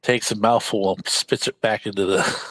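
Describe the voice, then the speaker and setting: Low, husky man reacting in short bursts. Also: steady tone, normal speed, a bit bright, dry recording. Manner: brief reactions and laughs while listening. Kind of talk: casual chat.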